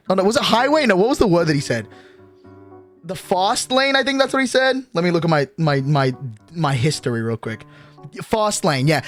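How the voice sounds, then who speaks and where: A man's voice: fairly high pitch, expressive, brisk, faint music behind. A young man telling a long story on a live stream, rambling, swearing freely and checking in with "okay?" every few lines. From Australia. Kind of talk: casual chat, storytelling.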